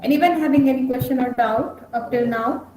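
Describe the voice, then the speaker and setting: High-voiced woman lecturing online. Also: normal speed, a little mellow. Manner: checks in often with students, repeats questions. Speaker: programming lecturer. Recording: echoey room, faint noise.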